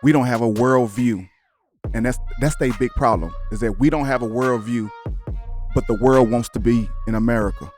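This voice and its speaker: A man's voice: mid-range voice, moderate pace, darkish tone, faint music behind. Heated male commentary host. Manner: emphatic, rising into heated preaching, curses. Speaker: show host. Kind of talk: reaction commentary.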